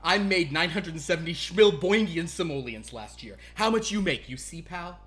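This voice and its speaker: A man voicing an arrogant, abusive male cartoon wristwatch boss who barks and brags at his workers. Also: normal speed. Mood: boastful. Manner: loud, bullying, barking sales-pitch rant.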